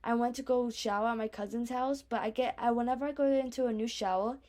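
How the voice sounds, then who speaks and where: A woman's voice: on the high side, steady tone, fast talker, a little mellow. A young woman from Arizona with a speech impediment, telling personal stories in a casual, rambling vlog. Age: young adult. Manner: chatty, lots of "like" and restarts, acts out her own reactions. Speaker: vlogger.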